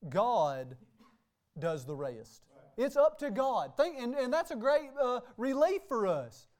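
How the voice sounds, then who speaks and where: A man's voice: extremely high pitch, very animated, slow, a little mellow. A man preaching a sermon as pastor, emphatic and repeating "hey" and "okay" between phrases. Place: church sanctuary.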